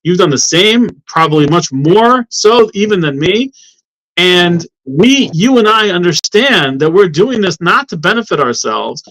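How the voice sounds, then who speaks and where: A man's voice: high voice, big pitch swings, a little slow, a bit bright, poor audio. A man guesting on a talk show as a law professor, speaking in an indignant, impassioned way. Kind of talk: heated talk-show discussion.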